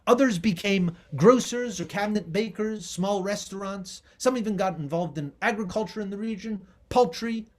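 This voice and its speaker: Lively male professor lecturing. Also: high voice, normal speed, few pauses. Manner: enthusiastic, conversational, with fillers. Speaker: professor giving a history lecture. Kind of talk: slide presentation.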